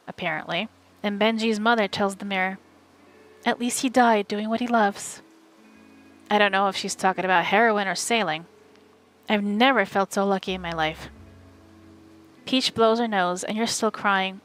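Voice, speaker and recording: A woman from the USA streaming a live audiobook reading, narrating in a steady, wry first person. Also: medium pitch.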